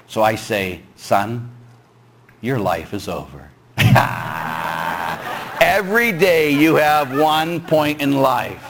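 Animated priest preaching with playful shouts. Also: male voice, medium pitch, extremely slow. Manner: animated storytelling, jumps into shouting; teasing, chatty, asks "huh?". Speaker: Catholic priest. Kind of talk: sermon.

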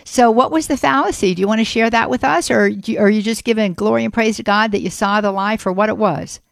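A woman radio host prays aloud for a listener, earnest and unhurried, circling back to the same invocations. Her mid-range voice sounds close and dry, recorded in a studio. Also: medium pitch, creaky, no echo. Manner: earnest, slow, with repeated invocations. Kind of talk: spoken prayer and call-in radio talk.

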